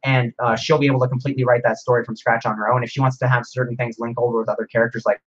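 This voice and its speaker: A man rambles through a casual livestream Q&A, reading viewer comments aloud with excitable energy. His voice sits at an ordinary pitch. It comes through a dull, lo-fi mic. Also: rapid-fire. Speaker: livestream host.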